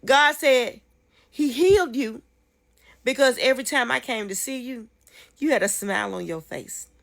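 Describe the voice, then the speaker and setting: A woman recounting a dream testimony in loose, casual speech. Her voice sits a little high and carries a gravelly, creaky texture. She repeats herself fervently and soars upward when she rejoices. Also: lively intonation, normal speed, a bit bright. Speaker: storyteller sharing a dream testimony.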